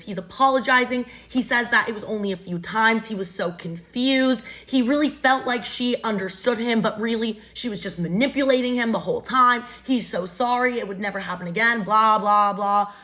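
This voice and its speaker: A woman's voice: mid-range voice, a bit bright. A young adult woman casually retelling a dramatic personal story in first person, storytime style. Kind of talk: storytime narration.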